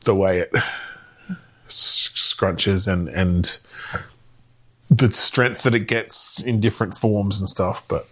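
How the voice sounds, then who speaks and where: Low-voiced man brainstorming in casual chat. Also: takes it slowly, long pauses, a bit bright. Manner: rambling, brainstorming with many fillers and crude jokes. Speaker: podcast co-host.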